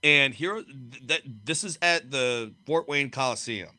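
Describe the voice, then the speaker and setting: A man's voice: medium pitch, measured pace, bright, forceful tone, no echo. A man co-hosting a podcast, telling blunt, profanity-laced stories in casual chat. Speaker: podcast co-host and wrestler.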